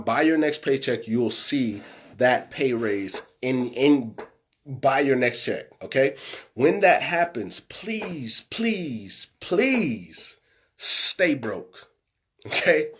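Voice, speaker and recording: Casting: young adult man, live-stream money coach, mid pitch, emphatic, keeps checking in with "right?". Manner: emphatic, repeats "right?" and "okay?" often.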